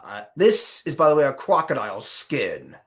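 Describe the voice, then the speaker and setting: A man's voice: mid-range voice, very animated, moderate pace. A man narrating a casual video game guide in a put-on Australian accent, playful and rambling, often correcting himself mid-sentence.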